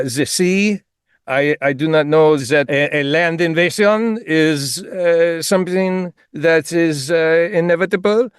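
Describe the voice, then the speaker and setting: A flustered adviser, as a man puts him on, who stumbles and hesitates through every sentence. He talks slowly in a dry, close sound. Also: on the high side, clear, resonant tone, no echo. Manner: halting, stammering with many fillers.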